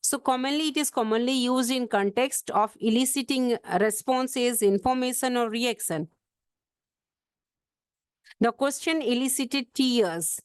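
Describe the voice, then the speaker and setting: A woman with a high voice teaches an exam-prep English vocabulary lesson. She spells words out letter by letter and slows right down to show the stress in each word. The sound is dry and close, with no room echo. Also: clean tone.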